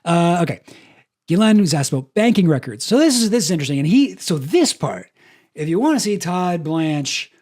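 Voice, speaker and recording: A male streamer talking through deposition footage in an animated, profane and indignant way. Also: a little high, normal speed.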